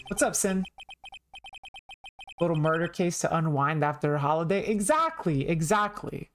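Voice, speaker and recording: Young woman streamer, low voice, casual and self-deprecating chat with viewers, faint music under her. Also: animated, moderate pace. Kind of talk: casual chat while playing.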